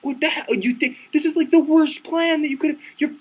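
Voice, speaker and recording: A man doing a shrill furious jilted bride. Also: a little fast. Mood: scolding. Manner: indignant, shrill, profane. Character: furious young woman, sharp-tongued jilted bride.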